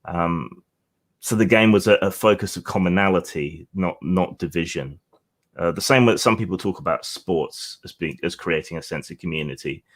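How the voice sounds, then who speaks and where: A man's voice: low voice, normal speed. A man co-hosting a casual discussion over a video call, earnest and chuckling between his points. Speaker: co-host.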